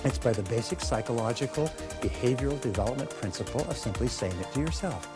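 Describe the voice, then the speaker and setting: A man giving a motivational seminar talk to a live audience, animated and energetic, now and then acting out quoted voices. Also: mid-range voice, quick pace, music in the background. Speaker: motivational speaker.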